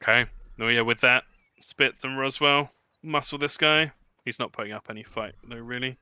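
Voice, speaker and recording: A man narrating as game master of a tabletop game, relaxed and loose. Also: mid-range voice, normal speed, clean tone, dry recording, dull audio. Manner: relaxed, with frequent ums and laughs.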